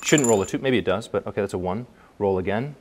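A man, a magician, telling a story while doing a trick, in a halting way with frequent restarts. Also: fairly low pitch, slight background noise.

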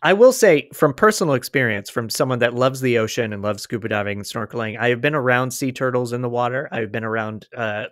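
A man co-hosting a casual podcast chat, chatty and quick to laugh. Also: mid-range voice, fairly bright tone, no room sound, studio quality. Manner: chatty, laughs easily, restarts. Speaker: podcast co-host. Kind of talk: casual chat, reading a quote aloud.

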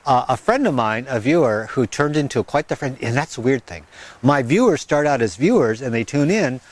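A man's voice: mid-range voice, animated, brisk. A man hosting a gardening vlog in a windy garden, rambling and chatty, laughing at himself. He talks into a wireless mic with a fuzzy windscreen. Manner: sing-song baby talk to his dog. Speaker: gardening channel host. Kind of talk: casual outdoor vlog.

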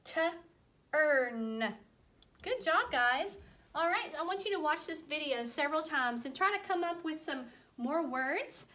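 A young adult woman teaching a phonics lesson to young children, sounding out letters slowly and clearly and gently encouraging them. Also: sits high, animated.

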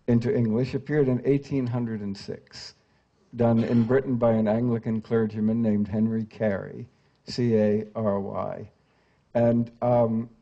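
An older man lecturing in a scholarly, unhurried way and often pausing on "uh" between phrases. His voice has a dark, mellow tone. The sound is slightly dull and lo-fi. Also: medium pitch. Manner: scholarly, with frequent "uh" fillers, reads quoted verse aloud. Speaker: translator giving a talk.

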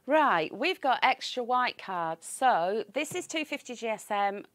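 A woman's voice: on the high side, big pitch swings, a little slow, fairly bright tone, no room sound. A middle-aged woman hosting a live craft show, chatting upbeat and pushing prices and deals as she demonstrates papers. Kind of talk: live product demonstration and sales chat.

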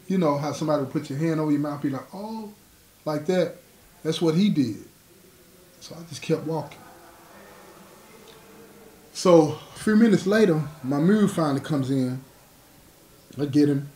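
A man's voice: a little high, a little mellow. Streetwise man telling a prison story. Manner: streetwise storyteller, acts out dialogue, asks "you know what I'm saying". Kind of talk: casual storytelling. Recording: roomy echo.

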